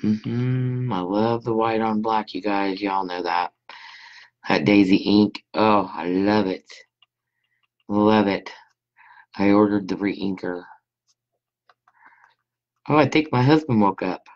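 A woman's voice: extremely low pitch, slow pace, long pauses. A woman hosting a casual live scrapbooking stream at home, chatting with viewers while she works. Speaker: scrapbooking host. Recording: dull lo-fi sound.

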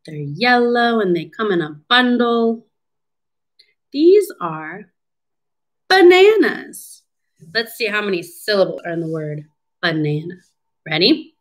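A woman's voice: medium pitch, lively intonation, measured pace, poor audio. A woman speech clinician leading a children's lesson, drawing out words in an encouraging, sing-song teacher voice. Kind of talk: children's syllable-clapping lesson.

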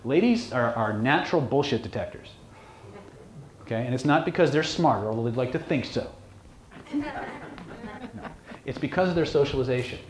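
A man's voice: mid-range voice, lively intonation, normal speed, long pauses. A man teaching a seminar on hypnosis and lie detection, blunt and joking, often asking "okay". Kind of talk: casual seminar lecture to a live group. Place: seminar room with audience. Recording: echoey room, faint noise.

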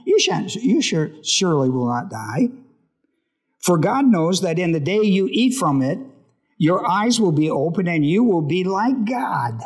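A male pastor teaches from scripture in a slightly high voice. He reads a few verses, then stops to ask his listeners questions before he reads on. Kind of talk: Bible study sermon.

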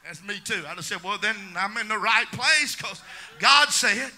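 High, bright, gravelly preacher man. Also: animated, moderate pace. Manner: builds to shouting and sing-song climaxes; storytelling with quoted dialogue. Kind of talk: preaching a sermon. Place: church sanctuary.

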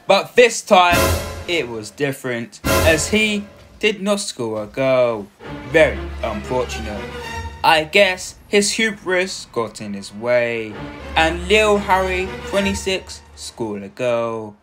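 A man voicing a stiff robotic male sports announcer, calling a video game match in a formal monotone. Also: a little high, slow. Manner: monotone, formal commentary phrasing. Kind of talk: mock sports commentary. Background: music.

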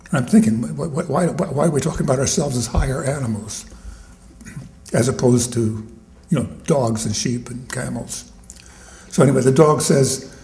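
A man's voice: mid-range voice, moderate pace, creaky, a little mellow, roomy sound. A man poet at a live reading, introducing his poems in a conversational, wry way with small restarts. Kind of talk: live poetry reading with asides. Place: poetry venue, live audience.

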